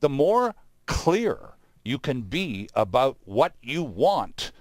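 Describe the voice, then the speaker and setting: A man's voice: mid-range voice, big pitch swings, takes it slowly, no echo. A man hosting a legal talk show, asking probing questions and summing up at length. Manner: probing questions, wordy summaries.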